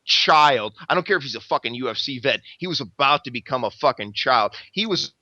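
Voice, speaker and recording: Foul-mouthed rambling man with a bright voice. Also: medium pitch, brisk, no room sound. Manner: rambling, swears constantly, animated. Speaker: podcast host. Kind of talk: casual profane storytelling. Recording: dull lo-fi recording.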